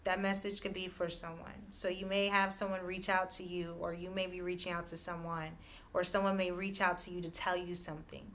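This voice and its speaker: Woman, low-set but bright and pushing voice, intuitive reader, repetitive hedging delivery with frequent laughs. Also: slight background noise. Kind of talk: spiritual message reading.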